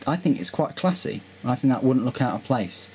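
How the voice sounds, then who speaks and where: A man casually presenting his knife collection on camera, thinking aloud in a relaxed way. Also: medium pitch, fairly quick, slight background noise. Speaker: vlogger reviewing his knives. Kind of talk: casual show-and-tell.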